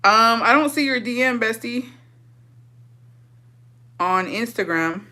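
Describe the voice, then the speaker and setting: A woman's voice: fairly high pitch, lively intonation, slow pace, bright, forceful tone. A woman telling a casual storytime vlog in a blunt, heavily profane way, switching between English and Spanish slang. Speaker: vlogger.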